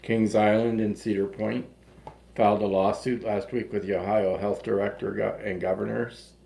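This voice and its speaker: Man, low voice, gravelly, calm and measured, casual live chat co-host. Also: poor audio.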